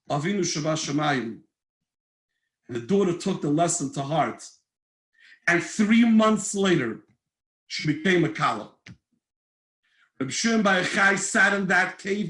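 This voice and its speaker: Animated rabbi with a high voice. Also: male voice. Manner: animated, emotional, acts out characters. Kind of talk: storytelling lesson. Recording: echoey room.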